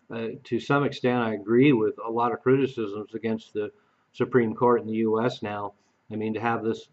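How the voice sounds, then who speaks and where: A man's voice: lowish voice, dull audio. A man giving a blunt, dismissive political commentary in a casual monologue, hesitant with many fillers and repeated words.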